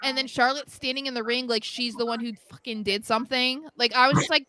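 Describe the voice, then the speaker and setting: Bright, clear-voiced young woman co-host. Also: sits high, steady tone, fairly quick, pauses often, dry recording. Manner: chatty, full of fillers, acts out quotes. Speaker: podcast co-host. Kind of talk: casual wrestling recap chat.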